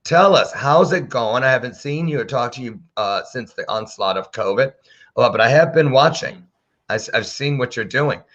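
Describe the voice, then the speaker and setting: A man's voice: medium pitch, animated, normal speed, a bit bright. A man hosting a talk show, bantering playfully with a preacher-like flair over a video call. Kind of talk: casual interview chat. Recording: dull lo-fi sound.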